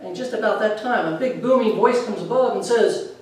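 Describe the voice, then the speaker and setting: Lively woman telling jokes in an echoey room. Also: medium pitch, brisk. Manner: lively, chuckles at her own punchlines. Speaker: storyteller. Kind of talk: telling humorous stories. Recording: echoey room from far off, faint noise.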